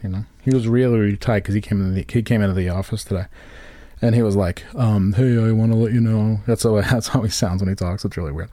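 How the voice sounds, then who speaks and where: Dark-voiced man in casual podcast chat. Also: lowish voice, fairly even intonation, fast talker, no room sound. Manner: rambling storyteller who acts out others' lines. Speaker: podcast host.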